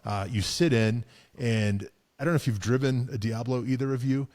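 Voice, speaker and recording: A man's voice: medium pitch, normal speed, a little mellow. A man co-hosting a car show, chatting casually with lots of fillers, restarts and chuckles. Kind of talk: casual chat.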